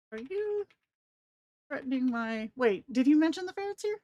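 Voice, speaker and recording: A woman's voice: high voice, very animated, normal speed, warm tone, dry recording. A woman hosting a casual live stream, giggly and enthusiastic as she talks to her viewers.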